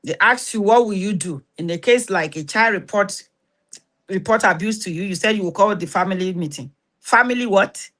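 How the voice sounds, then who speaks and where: A woman's voice: medium pitch, moderate pace, a bit bright. A woman hosting a talk, urging listeners in an exhorting way, often repeating words as she restarts. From Nigeria. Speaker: host. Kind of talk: earnest spoken talk to camera.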